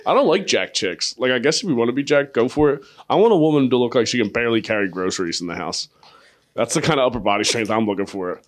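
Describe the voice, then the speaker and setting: A man with a middle-pitched voice hosts a podcast in loose, crude chat. He swears constantly, jokes crudely and tells rambling stories. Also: animated, fast. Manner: profane, joking, storytelling. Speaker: podcast host; comedian.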